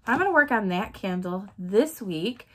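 A woman's voice: medium pitch, animated, normal speed, fairly bright tone. A woman vlogger chatting casually about her weekly wax melts, listing scent notes and laughing often. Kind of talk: casual product chat.

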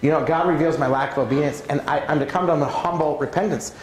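A man giving a preaching talk at a church conference, telling personal stories in an animated way. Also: quick pace, a little hiss or hum. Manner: animated, swings pitch widely while acting out stories. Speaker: conference speaker. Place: church auditorium. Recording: roomy church hall sound.

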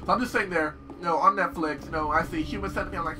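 A man casually commentating on a horror video game as he plays, excitable and swearing often. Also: a little high, rapid-fire, recorded from a distance, music in the background. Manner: excitable, profane, yells at the game. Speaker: gameplay commentator. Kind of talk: casual let's-play commentary.

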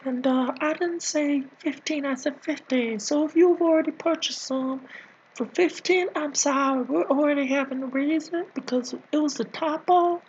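A man putting on a high, bossy scolding nanny. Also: steady tone, normal speed, dull audio, a little hiss or hum. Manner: rambling, teasing, drops into sudden whispers. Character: bossy, scolding comic nanny character, fussy and self-satisfied. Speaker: video creator. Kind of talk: improvised comedy rant in a put-on voice.

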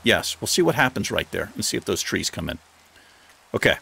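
Gaming host, male, lively up-and-down delivery, rain heard behind him. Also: fairly quick, vocal fry, breathy edge. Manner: chatty, talks to the game animals, jumps into high excited bursts. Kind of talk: casual let's play commentary.

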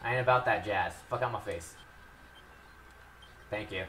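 A young man commentating his own gameplay with heavy swearing, shifting from low mutters to loud outbursts. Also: moderate pace, a little hiss or hum. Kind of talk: Let's Play commentary.

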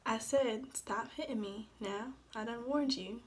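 A woman reading the lines of a husband who shouts and begs in a story read aloud. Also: a little high, unhurried, close to an everyday voice. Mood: angry. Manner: pleading, raised voice. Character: angry then remorseful husband, adult man.

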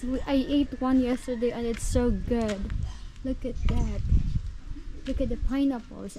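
Holding her phone as she walks viewers around her mountain farm, a young woman from the Philippines speaks with a Filipino accent in a fairly high voice. Her casual vlog tour is cheerful and talkative, frequently addressing the audience as "guys," and the outdoor audio is noisy.

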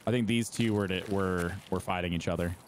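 A man trading wry jokes and quick callouts with friends in a game voice chat. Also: sits low, fairly even intonation, slight background noise. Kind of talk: casual gaming voice chat.

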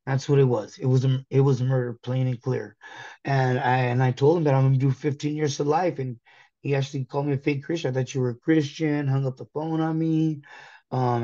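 A man in his thirties from California giving a candid personal testimony, earnest and halting, often restarting his sentences. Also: mid-range voice, mellow, dull audio. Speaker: guest telling his conversion story.

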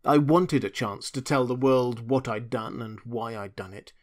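A man's voice: mid-range voice, moderate pace. A man reading a novel aloud in first person as an audiobook narrator. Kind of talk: scripted narration.

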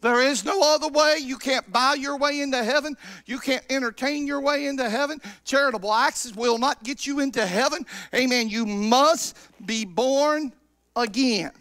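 High, bright-voiced fervent male preacher. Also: normal speed, no echo. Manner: fervent, shouting in bursts, stretching words. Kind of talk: Pentecostal sermon. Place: church sanctuary.

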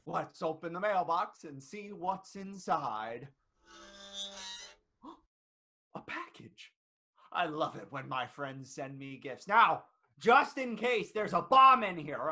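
A man's voice: on the high side, expressive, takes it slowly, full character voice. A man playing Rat Shit, a manic, filthy rat host. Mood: giddy. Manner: hammy, shouting, cackling, crude. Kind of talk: comedic stage-play reading.

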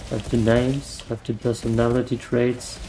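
A man with a German accent and vocal fry, giving rambling, joking commentary while playing a game into a desk mic. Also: medium pitch, level tone, normal speed, warm tone, slight background noise, poor audio. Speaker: gamer. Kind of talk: gameplay commentary.

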